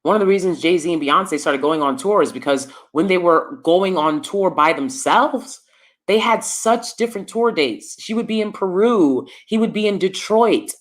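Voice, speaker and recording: A woman's voice: on the low side, expressive, moderate pace. A woman vlogger giving opinionated commentary to her viewers from downstairs at home, emphatic and repeating lines for effect.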